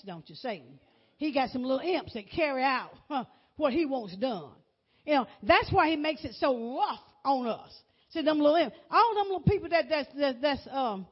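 A woman preaching a fervent sermon to a congregation, repeating words and calling out to the listeners. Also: sits high. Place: church before a congregation. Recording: dull lo-fi recording.

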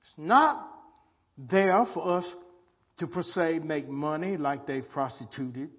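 A man's voice: fairly high pitch, husky, highs cut off. A man preaching a live sermon in plain, colloquial speech, repeating his words and asking the listeners questions. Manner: slow, repetitive preaching with rhetorical questions.

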